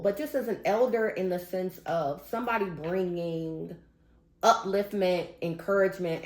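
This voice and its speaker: A woman's voice: fairly low pitch, a little mellow. A grown woman talking straight to her viewers, venting in emphatic casual commentary. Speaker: vlogger. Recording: roomy echo.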